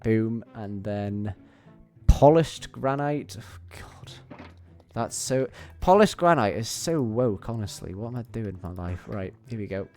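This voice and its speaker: A man's voice: fairly low pitch, moderate pace, hardly any pauses, darkish tone, soft background music. A young man streaming a game from his bedroom, chatting playfully and rambling to his viewers. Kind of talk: casual chat while gaming. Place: home bedroom.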